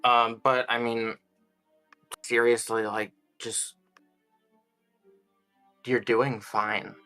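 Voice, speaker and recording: A woman speaks in character during an online tabletop game, calm and steady. Her voice is bright and flat in pitch, staying on one level. Faint music plays behind her. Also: very slow. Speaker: player.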